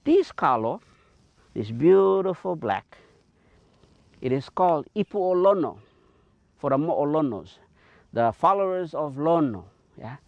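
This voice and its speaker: A man with a Hawaiian Pidgin accent, a taro farmer giving an animated teaching talk outdoors on his farm, pointing things out. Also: a little high, measured pace, creaky, pauses often, no room sound, lo-fi sound.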